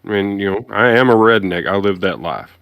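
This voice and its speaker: A man's voice: on the low side, a little fast, smooth, dry recording, dull audio. A man in his thirties with a Southern US accent, a guest on a casual podcast, talking in a laid-back drawl. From Southern United States. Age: 30s.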